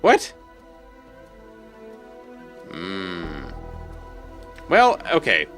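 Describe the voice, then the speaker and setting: A man streams a role-playing game, reading its text aloud and reacting to what happens. His voice is fairly low but bright and crisp, with faint music behind him. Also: wildly swooping pitch, drawn-out words.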